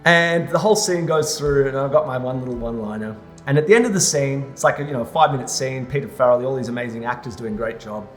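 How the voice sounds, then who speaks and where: A young adult man telling a personal story in an animated monologue, acting out the other people's lines. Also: mid-range voice, quick pace, faint music behind. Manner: animated, re-enacts scenes with lively quoted voices. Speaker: vlogger.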